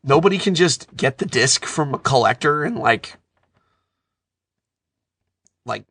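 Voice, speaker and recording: Bright-voiced man telling animated stories. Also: mid-range voice, normal speed, no room sound, clean studio sound. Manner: animated storyteller, self-described nerd. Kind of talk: casual chat.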